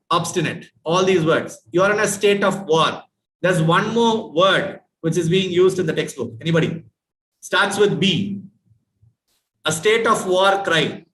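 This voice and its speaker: A man's voice: sits high, pushed and bright, a little hiss or hum. Indian male dental lecturer, echoey room. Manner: questioning, repeats points, asks students. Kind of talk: classroom lecture.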